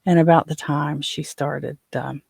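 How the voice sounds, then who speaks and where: An older man tells a personal story on his own show, rambling and restarting his sentences as he goes. His voice is husky and gravelly, with a fairly flat, monotone delivery. The sound is dry and close, with no room echo. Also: fairly high pitch, a little slow. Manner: rambling, with frequent restarts and trailing fillers. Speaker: podcast host.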